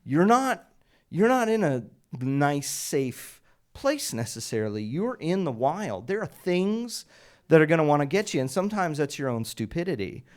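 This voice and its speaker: This man's voice sits fairly high and has a sing-song lilt, moving at normal speed. He's sharing a personal story at a live storytelling night on a small event stage, keeping it conversational, wry and a bit funny.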